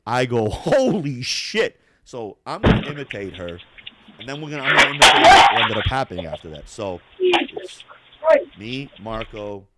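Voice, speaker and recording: Lively, profane man telling a story. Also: mid-range voice. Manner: animated, profane, laughing storyteller. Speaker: podcast host. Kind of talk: casual storytelling chat.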